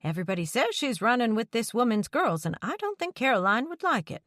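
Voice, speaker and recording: A woman's voice: fairly high pitch, very animated, a little fast, a bit bright, no echo, clean studio sound, pitched above the performer's own voice. A woman voicing a stubborn, meddling older mother who scolds her grown son about the town's gossip. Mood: scolding. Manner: scolding, nosy, disapproving.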